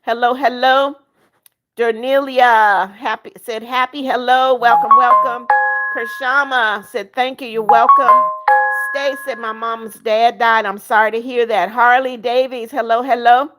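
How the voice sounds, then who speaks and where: A woman's voice: on the high side, fairly even intonation, a little slow, over loud music. A woman in her seventies hosting a livestream, reading viewers' comments aloud and greeting them by name. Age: 70s. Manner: sings happy birthday softly. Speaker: livestream host. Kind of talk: casual live-chat reading.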